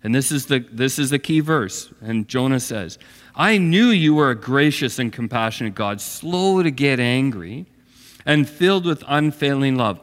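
A man's voice: medium pitch, lively intonation, moderate pace, a bit bright. A man preaching a sermon as pastor, telling the story expressively and acting out its characters. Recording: long hall reverb.

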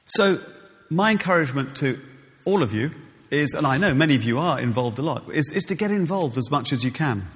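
A man's voice: a little high, lively intonation, a little fast, fairly bright tone, big-room sound. A man preaching a sermon in a church, conversational with many ums and restarts.

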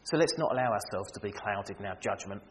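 A man preaching a sermon, animated and humorous, acting out everyday scenes to make his point. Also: lowish voice, fast. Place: church. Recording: reverberant church hall with faint noise.

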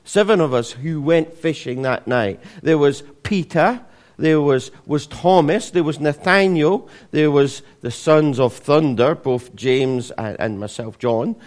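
A man preaching a sermon in a relaxed, conversational way, with jokes and frequent restarts. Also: on the high side, a little slow. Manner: conversational, humorous storytelling with many restarts.

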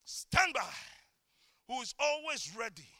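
A middle-aged male preacher delivering an impassioned sermon, swinging between shouted declarations and quiet, intimate asides. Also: extremely high pitch, big pitch swings, a little slow, no echo.

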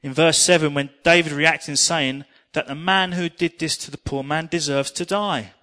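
A middle-aged man preaching a sermon, telling personal stories in an earnest, animated way. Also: a little high, normal speed.

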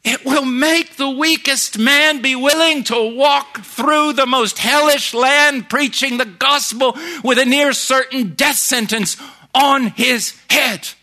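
A middle-aged man preaching a sermon, moving between hushed, intense passages and shouted emphasis. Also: very high-pitched, slow pace.

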